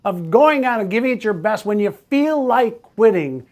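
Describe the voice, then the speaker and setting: A man's voice: high-pitched, lively intonation, moderate pace, a little mellow. A man hosting an interview, talking in a reflective, emphatic way and repeating key points. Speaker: host. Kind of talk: casual interview chat.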